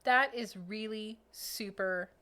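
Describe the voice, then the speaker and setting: A sleepy woman co-hosts a live stream, reading viewer messages aloud and thanking each one. She is chatty and playful, sometimes singing little high-pitched dings when a donation comes in. Her voice sits at a middle pitch. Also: slow pace, pushed and bright. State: sleepy, yawning. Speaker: co-host reading super chats. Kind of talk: casual live-stream chat.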